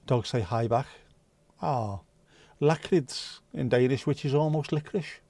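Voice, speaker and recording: A man's voice: medium pitch, a little slow, warm tone, no echo. Male stream host, rambling casual chatter with plenty of swearing, dry close sound. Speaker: livestream host. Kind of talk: casual chat reading viewer comments.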